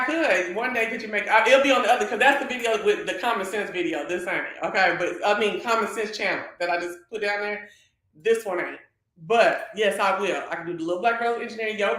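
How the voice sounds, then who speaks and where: Sassy livestream host in a very echoey room. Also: medium pitch. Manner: sassy, animated, calls viewers girl and honey. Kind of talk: casual livestream gossip chat.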